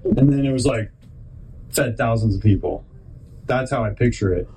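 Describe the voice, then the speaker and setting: A man's voice: medium pitch, slight background noise, poor audio. A man hosting a podcast, giving a rambling faith-based motivational talk, often stopping and restarting mid-thought and telling stories with animation. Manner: rambling, halting, self-interrupting; animated storyteller. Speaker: podcast host.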